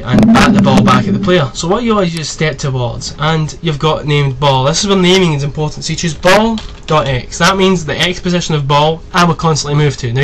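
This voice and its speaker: A man in his twenties giving a casual, rambling tutorial, chatty and quick to swear. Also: on the high side, a little hiss or hum. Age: 20s. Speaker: video tutorial host. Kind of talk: casual screen-recorded tutorial.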